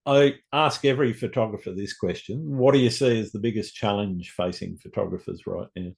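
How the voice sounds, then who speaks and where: A man's voice: fairly low pitch, a little fast, creaky, darkish tone, slightly rough. A man hosting an interview podcast, asking brief, reactive questions. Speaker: podcast host. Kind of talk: casual interview.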